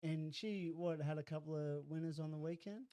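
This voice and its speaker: Casting: male host, higher mellow voice, dry close sound, quick prompts. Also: fairly even intonation, smooth, dry recording. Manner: short prompts, laughs a lot. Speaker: podcast host. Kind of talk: casual interview.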